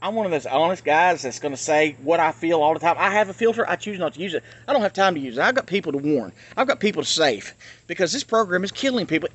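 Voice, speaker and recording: A man's voice: high-pitched, a bit bright. A man ranting bluntly to his channel, recording on a handheld phone outdoors near traffic. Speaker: channel host.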